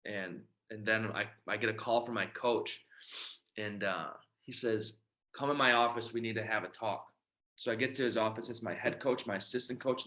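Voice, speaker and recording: A man from Michigan speaks to a room about his own recovery. His voice sits a little low but rings bright and forceful. He tells his story and acts out each exchange. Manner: storytelling, acts out quoted dialogue. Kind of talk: personal testimony talk.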